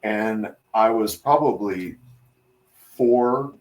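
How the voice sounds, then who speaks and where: A man tells a personal story on a casual podcast. He talks loosely and takes his time, with pauses and fillers along the way. He is a hairdresser chatting with a colleague. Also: fairly low pitch, recorded from a distance.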